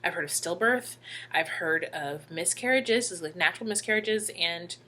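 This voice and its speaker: A young woman telling a personal story to camera in a halting, emotional way with many fillers. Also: lowish voice, animated, sharp tone. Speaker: vlogger.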